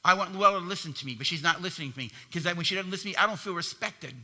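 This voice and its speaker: High, bright-voiced preaching man. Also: racing, big-room sound. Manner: animated, emphatic preaching with call-and-response questions. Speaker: pastor. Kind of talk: sermon. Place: church.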